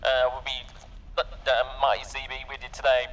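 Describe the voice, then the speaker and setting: A man's voice: mid-range voice, completely flat delivery, a little fast, a bit bright, natural voice, rough recording. A man putting on an American accent to play a joking airline captain, giving mock-formal cabin announcements laced with swearing. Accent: put-on American. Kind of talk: mock cabin announcement on a flight-sim stream.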